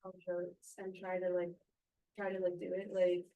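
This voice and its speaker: A woman sales rep sharing a joke she uses with customers, soft and a little hesitant, heard from across the room. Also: fairly low pitch, monotone, normal speed, slight background noise. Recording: voice from far off the mic.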